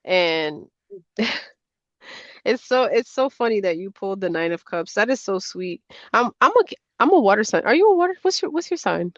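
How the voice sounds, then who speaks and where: A woman, a tarot deck creator, chatting casually as a guest in an animated, rambling way over a video call. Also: no echo. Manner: animated, rambling, quick pitch jumps. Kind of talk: casual chat. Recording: dull, dry lo-fi audio.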